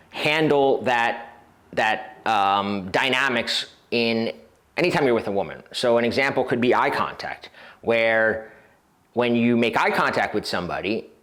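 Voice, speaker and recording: A male dating coach talks straight to the camera in a loose, conversational way. His voice sits at an ordinary mid pitch, and he keeps his stories lively by acting out quoted lines. Fillers and small restarts keep it relaxed and unscripted. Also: unhurried. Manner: casual with frequent fillers and restarts. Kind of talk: instructional video talk to camera.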